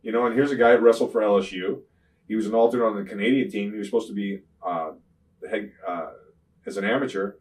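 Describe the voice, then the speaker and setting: An older man, a retired wrestler, telling rambling profane stories in an interview, often saying "you know what I'm saying" and getting loud when he retells fights. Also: on the low side, fast talker, recorded from a distance, rough recording. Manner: grows loud and animated when retelling confrontations. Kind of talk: shoot interview storytelling.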